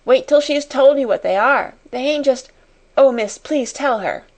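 A woman's voice: fairly high pitch, expressive, moderate pace, pitched above the performer's own voice, lightly acted. A woman voicing a humble young scullery maid girl who speaks in Cockney dialect and sounds awed. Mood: eager. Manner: Cockney dialect, dropped h's.

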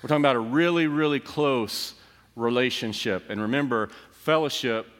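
A man's voice: medium pitch, normal speed, fairly bright tone. Middle-aged male preacher in a reverberant hall. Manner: conversational storytelling, self-deprecating humor. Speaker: pastor. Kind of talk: sermon. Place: church sanctuary. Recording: long reverb of a church hall.

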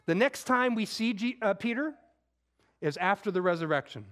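A man preaching a conversational sermon, acting out scripture quotes and moving between loud emphasis and hushed, intimate moments. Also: sits high, expressive, normal speed. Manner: conversational, with casual slang.

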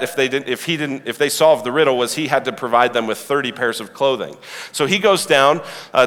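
A man preaching a sermon, retelling a story in a lively, joking way, with asides to the listeners. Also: mid-range voice, in a large hall. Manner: animated storytelling with asides and humor. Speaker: pastor.

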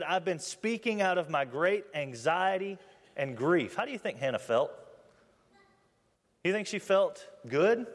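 A man in his twenties preaching a sermon, earnest, reading scripture aloud and asking the congregation questions. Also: fairly high pitch. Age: 20s. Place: church building. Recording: long hall reverb.

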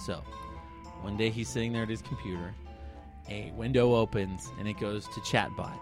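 A man casually retelling a creepy internet story to friends, rambling and animated, slipping into quoted voices. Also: fairly low pitch, moderate pace, music in the background. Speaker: podcast co-host telling a creepypasta story.

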